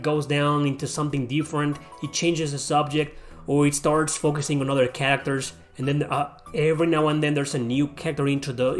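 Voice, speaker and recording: A man hosting his own channel, ranting heatedly and profanely to camera, often repeating himself. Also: fairly high pitch. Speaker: YouTube host.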